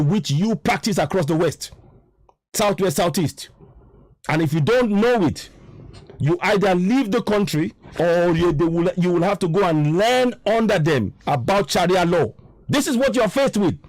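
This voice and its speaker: Nigerian man, Yoruba accent, high lively voice, dry close sound, fired-up preachy rant. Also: no room sound. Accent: Nigerian English, Yoruba. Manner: frustrated, preaching, repeats himself for emphasis. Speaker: online commentator. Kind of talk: impassioned political monologue.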